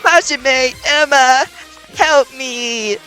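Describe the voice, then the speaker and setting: A man's voice: high voice, fairly even intonation, normal speed, creaky, bright, forceful tone, faint music behind, voice pushed up, heavily acted. A man doing a panicked, pleading young woman.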